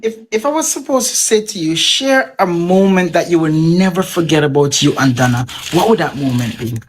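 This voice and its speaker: An interviewer hosting a live-streamed interview, asking gentle, sympathetic questions with many restarts. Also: medium pitch, expressive, brisk, background noise.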